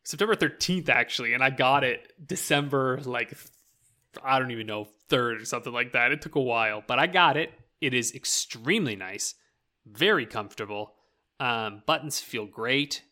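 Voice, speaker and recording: Bright rambling man. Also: medium pitch, normal speed. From rural Canada. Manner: rambling, full of "like" fillers, laughs often. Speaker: podcast co-host. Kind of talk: casual chat about video games.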